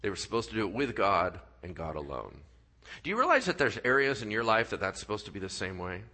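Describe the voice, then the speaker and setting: Animated, bright-voiced male pastor preaching. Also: fairly low pitch, fast. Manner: animated storyteller, acts out voices and sound effects; drops to quiet, earnest tones for key points. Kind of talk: sermon. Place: church sanctuary.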